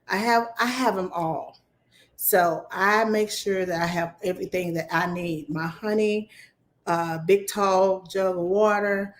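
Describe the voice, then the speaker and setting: A woman, talking casually to camera in a rambling, animated way, her voice still a little hoarse from laryngitis. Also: lowish voice. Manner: rambling, animated storytelling with restarts. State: recovering from laryngitis, slightly hoarse. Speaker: vlogger. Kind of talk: casual chatty talk to camera.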